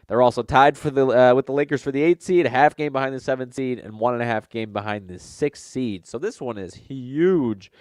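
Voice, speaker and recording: A man's voice: mid-range voice, moderate pace, few pauses, darkish tone, smooth, no echo, clean studio sound. A man hosting a sports betting show, a little nasal from a cold, talking casually and rambling with many fillers and self-corrections. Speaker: sports betting podcast host.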